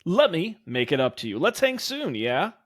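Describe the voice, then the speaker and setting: An earnest, easygoing dad from a dating game, as a man reads him aloud. His voice sits a bit high and moves up and down a lot. He sounds friendly and relaxed. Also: normal speed. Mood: nostalgic. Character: friendly laid-back male dad, softball coach.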